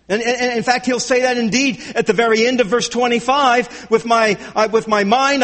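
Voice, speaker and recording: A man's voice: extremely high pitch, expressive, normal speed, fairly bright tone, in a large hall. A man preaching a sermon verse by verse, emphatic and repeating his key phrases. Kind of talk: expository sermon.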